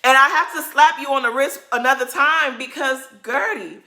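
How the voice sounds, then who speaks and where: A woman's voice: high voice, normal speed, few pauses, sharp tone. A woman vlogger recapping a reality show in a sassy, gossipy way, laughing often. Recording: roomy echo.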